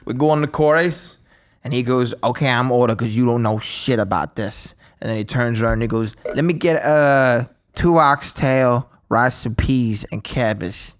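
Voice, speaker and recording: A man, co-hosting a podcast in casual chat, telling stories with frequent laughter and quick impressions of others. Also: mid-range voice. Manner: storytelling, laughing often, mimicking others in quotes. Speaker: podcast co-host.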